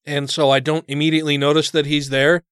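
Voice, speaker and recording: A man's voice: fairly high pitch, level tone, fast talker, fairly bright tone, smooth, no echo. Blunt sweary man, dry close sound. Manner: blunt, sarcastic, swears often, laughs a lot. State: has the hiccups. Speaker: podcast co-host. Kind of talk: casual profane banter.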